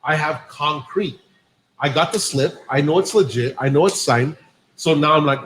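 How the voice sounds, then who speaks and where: A man's voice: on the high side, normal speed, low-quality recording. A man hosting a podcast, telling a long profane story in a casual way and acting out the dialogue. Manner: profane, animated anecdote-telling with quoted dialogue. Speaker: podcast host.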